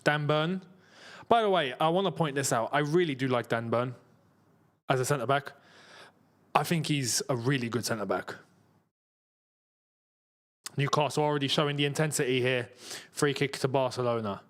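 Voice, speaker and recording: A young man hosting a live football watchalong, chatting casually and getting excited as chances come. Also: normal speed, long pauses. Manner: excitable, chatty, jumps to a high pitch when chances come. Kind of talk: live match watchalong commentary.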